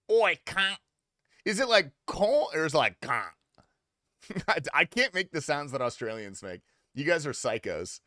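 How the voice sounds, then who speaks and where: A young man on a gaming livestream, joking with chat in a loose, swear-laced way. His pitch jumps around expressively. The sound is dry and close to the mic. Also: fairly bright tone, no room sound. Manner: loose, profane, teasing banter with chat. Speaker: streamer. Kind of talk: casual gaming livestream commentary.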